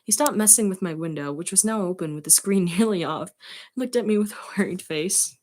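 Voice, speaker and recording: A woman's voice: medium pitch, a little fast, a little mellow, slight background noise. Streamer, woman, casual read-aloud, giggly, chats to viewers. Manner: giggly, breaks off to comment. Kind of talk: reading fan fiction aloud on stream.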